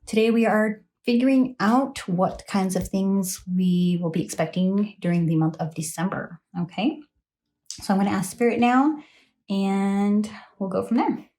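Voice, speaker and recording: Her voice is mid-range and dark, and she talks a little slowly. This woman in her thirties is doing a rambling, talkative tarot reading into her phone at home late at night, apologizing a lot and laughing frequently.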